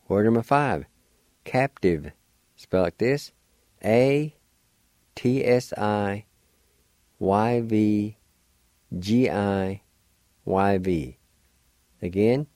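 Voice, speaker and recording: A man teaching spelling and pronunciation, spelling words out letter by letter slowly and deliberately. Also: fairly low pitch, dark tone, no room sound. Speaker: language teacher.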